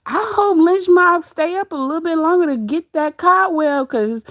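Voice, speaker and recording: List: woman, high voice, gossipy livestream chatter, laughs a lot, dry close sound. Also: normal speed, dry recording. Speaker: livestream host. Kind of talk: casual livestream commentary.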